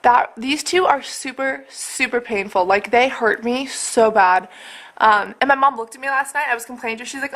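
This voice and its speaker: A young woman records a casual update at home, speaking straight to her camera. Her voice sits a little high and rings bright and sharp. She rambles in an exasperated way and fills her sentences with "like". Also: normal speed. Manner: rambling and exasperated, many fillers like "like". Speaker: vlogger. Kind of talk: casual personal video update. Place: at home, indoors.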